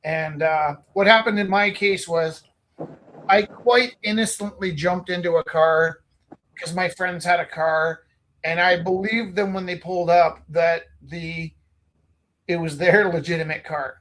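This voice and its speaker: Man, from Canada, high voice, casual storytelling, animated, loud acted-out quotes. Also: measured pace. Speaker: host.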